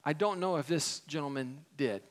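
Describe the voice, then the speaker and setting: A man's voice: fairly high pitch, normal speed. A young adult man preaching a sermon in a conversational way, acting out the people in the story he tells. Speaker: pastor.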